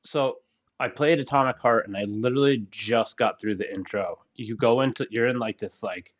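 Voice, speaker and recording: A man co-hosting a casual gaming podcast, telling a story in halting, restarting bursts. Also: mid-range voice, lo-fi sound. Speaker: podcast co-host.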